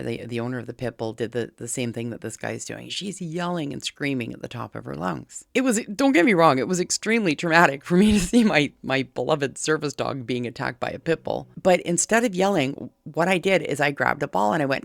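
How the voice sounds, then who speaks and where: Gravelly earnest dog-training commentator. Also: medium pitch, a bit bright, no room sound, studio quality. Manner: earnest, pleading, repeats key points; frequent restarts and verbal fillers. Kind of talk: reaction commentary on a video clip.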